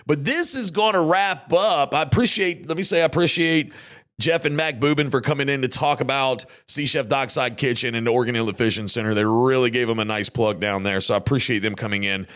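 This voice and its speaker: A man's voice: medium pitch, brisk, a bit bright. A man hosting a local podcast, folksy and upbeat in casual chat. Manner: folksy and upbeat, with Southern turns of phrase. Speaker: podcast host.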